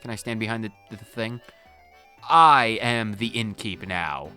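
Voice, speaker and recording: A man's voice: on the low side, animated, a little slow, bright, forceful tone, clear, resonant tone, faint music behind. Playful man hosting a game playthrough. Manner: playful, reads game dialogue aloud and ad-libs jokes. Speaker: let's play host. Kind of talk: casual gameplay commentary.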